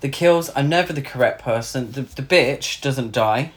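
A man's voice: mid-range voice, moderate pace. A man co-hosting a casual film review chat, chatty and amused, often restarting his sentences. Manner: chatty, laughs easily, hesitant restarts. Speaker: podcast co-host reviewing films.

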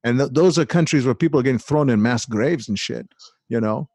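This lightly acted comedic impression in a podcast chat has a man voicing a crude, boastful aging male film star on profane, rambling rants. He sounds gravelly, husky and mellow at a medium pitch, speaking briskly in a dry, clean studio recording.

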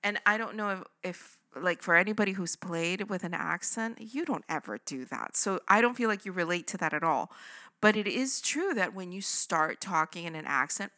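A woman podcast host telling a story in a casual, chatty way, often checking in with her listeners. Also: on the low side. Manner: animated, chatty, keeps checking in with "right?" and "okay?".

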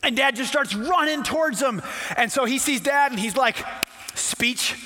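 A man's voice: very high-pitched, normal speed, background noise. A man, a pastor, telling a Bible story in a casual, playful sermon that acts out the characters. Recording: long hall reverb.

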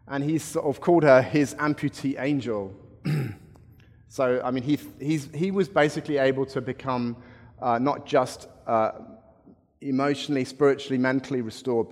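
Male preacher, middle-aged, medium-pitched voice, chatty storytelling, long hall reverb. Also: fairly even intonation, moderate pace, darkish tone. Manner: conversational storytelling with wry asides. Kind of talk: sermon.

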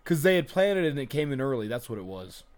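A man's voice: medium pitch, big pitch swings, fast talker. A man co-hosting a casual movie watch-along podcast, making profane wisecracks about what is on screen. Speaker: podcast co-host.

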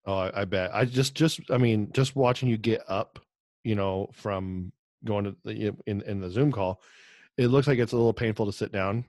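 A low-voiced man co-hosts a casual podcast and trades jokes and quips with his partner. He also tells his own story in a loose, chatty way. The recording is dry, with no echo. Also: normal speed, darkish tone. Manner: joking banter, chimes in with quips. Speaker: podcast co-host. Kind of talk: casual chat. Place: on a video call.

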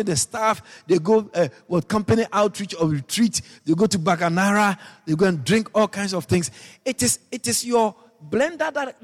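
A Guyanese man delivers a radio sermon in a large hall, speaking emphatically. He drops into low asides and then climbs into high, shouted repetitions.

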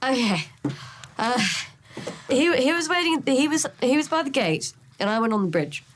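A woman playing a tabletop game, telling her part of the story in an animated way, with sound effects and casual swearing. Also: sits high, normal speed. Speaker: player. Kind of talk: in-character recap in a tabletop game.

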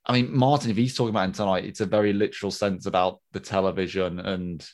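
Man, lowish voice, podcast co-host, rambling and hesitant, casual chat. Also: steady tone, fast talker, a little mellow. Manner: rambling, hesitant, many ums.

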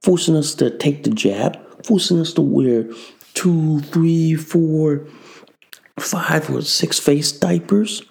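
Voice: mid-range voice, takes it slowly, vocal fry, darkish tone. A show host delivering an angry, profane political commentary monologue, repeating lines as they rant. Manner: profane, ranting, repetitive. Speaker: podcast host.

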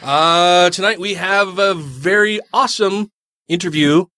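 A man's voice: high-pitched, a little slow, bright, forceful tone, a little hiss or hum. A man co-hosting a casual podcast, joking, laughing often and swearing. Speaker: podcast co-host.

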